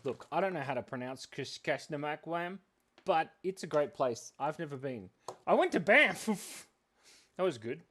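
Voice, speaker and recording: A man's voice: on the high side, very animated, normal speed, fairly bright tone, slight background noise. Goofy guy rambling on a kids drawing stream, voice bouncing all over, jokes at himself. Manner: playful, rambling, self-mocking. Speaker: livestream drawing host for kids. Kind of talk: casual live-stream chat.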